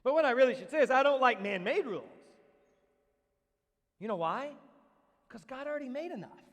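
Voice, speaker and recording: High-voiced, blunt, sarcastic male preacher. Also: expressive, a little fast, a bit bright, in a large hall. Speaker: pastor. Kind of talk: sermon.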